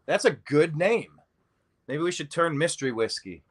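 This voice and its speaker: A man's voice: fairly high pitch, lively intonation, moderate pace, slightly rough. A man hosting a casual podcast chat, playful and rambling, tasting whiskey with a guest. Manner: playful, rambling, mock-grand intros. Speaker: host. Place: Louisville, Kentucky.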